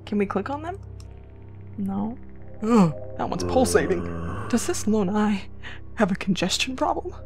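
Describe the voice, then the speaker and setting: A young woman talks her way through a game, chatty and playful, turning to her viewers often. Her voice has a gravelly fry at the ends of phrases, at an ordinary pitch for a woman. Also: animated, a little slow, pauses often, music in the background. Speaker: let's play gamer. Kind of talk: casual gameplay commentary.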